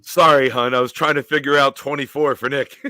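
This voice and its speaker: A man hosting a casual livestream chat, an animated storyteller who swears casually. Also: medium pitch, fairly quick, a little hiss or hum. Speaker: host.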